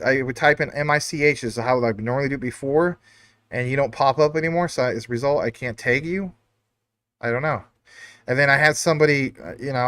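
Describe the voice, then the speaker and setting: A man's voice: mid-range voice, fairly bright tone, dry recording. A man hosting a casual livestream, reading viewer comments in a rambling, filler-heavy way. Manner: rambling, many fillers, chatty asides. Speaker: crypto livestream host.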